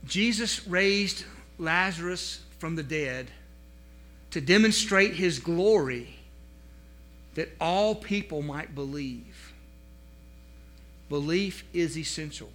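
Bright-voiced man preaching a sermon. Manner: preaching with wide swings from loud emphatic rises to quiet low passages. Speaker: pastor.

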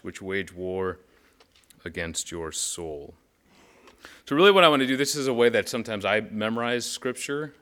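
A man's voice: lowish voice, fairly bright tone. A man teaching as a pastor in a casual devotional style, conversational with urgent emphatic bursts when he reads Scripture.

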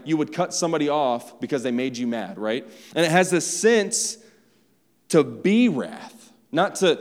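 A young man preaching a sermon to his church in a loose, conversational way, tossing in "right?" and "like" as he goes. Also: a little high. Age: young adult. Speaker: pastor. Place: church sanctuary. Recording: long reverb of a large hall.

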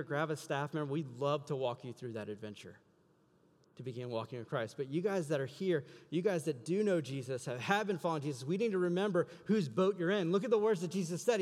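A man preaching a sermon as pastor, building to loud, emphatic passion. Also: a little high. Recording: long hall reverb.

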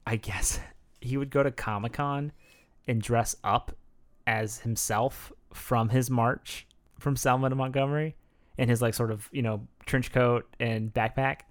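A man with a medium-pitched voice speaks at a measured pace as he co-hosts a podcast. The talk is casual, relaxed, and chatty, with facts read aloud and punctuated by laughing asides.

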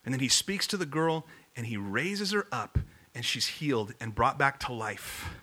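Bright-voiced man preaching a sermon. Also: medium pitch, lively intonation, moderate pace. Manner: casual storytelling, acts out voices in quotes. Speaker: pastor.

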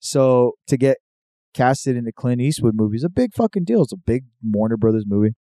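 A young man in loose comedic banter, laughing through his sentences and swearing a lot. His voice is dark and mellow at a middling pitch. The sound is close and dry. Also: expressive, no echo. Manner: laughs often, swears, does quick voices.

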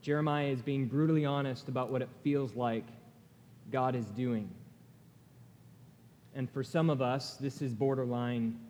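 A man preaching a sermon as pastor, earnest and deliberate, lifting his voice when he reads lament passages. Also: mid-range voice, steady tone, darkish tone, a little hiss or hum. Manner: slow, earnest, pausing delivery, rising for quoted laments. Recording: long reverb of a large hall.

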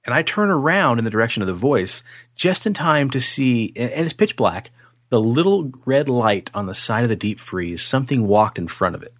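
A man co-hosting a podcast, telling a spooky story in a casual, animated way, swearing freely and acting out the voices. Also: medium pitch, moderate pace, no room sound, clean studio sound.

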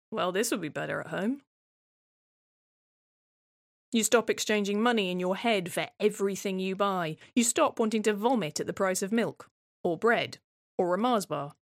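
A woman speaks her own scripted monologue in a wry, reflective, conversational manner. She takes her time over each line, in a mid-pitched voice. The sound is close and dry. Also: no echo. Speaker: writer-performer of a monologue. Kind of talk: scripted first-person monologue.

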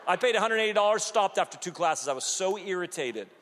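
A man in his forties preaching a sermon, telling stories with lively acted-out quotes. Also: high voice, fast, big-room sound, a little hiss or hum. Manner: animated storytelling, acts out quotes. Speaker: pastor.

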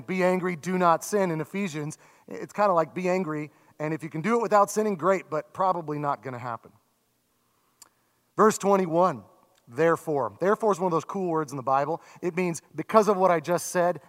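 Man preaching with conversational asides, hall reverb. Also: a little high. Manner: conversational, self-deprecating, animated asides. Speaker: pastor. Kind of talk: sermon. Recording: long reverb from a large hall.

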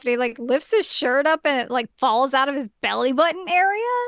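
High-voiced young woman chatting, full of fillers. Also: expressive, fairly quick, fairly bright tone, dry recording, clean studio sound. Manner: chatty, filler-heavy, amused. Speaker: podcast co-host. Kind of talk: casual recap chat.

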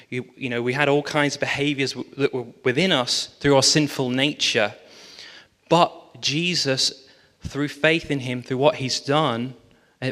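A man preaching as a pastor, telling a story lively with quoted dialogue. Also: mid-range voice. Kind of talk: sermon storytelling. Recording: long reverb of a large hall.

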